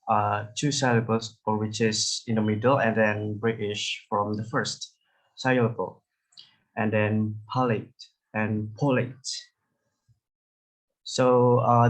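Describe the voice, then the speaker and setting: Young male student, average pitch, halting delivery full of "uh"s. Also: low-quality recording. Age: young adult. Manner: explains haltingly with many fillers. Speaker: student presenter. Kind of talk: class presentation.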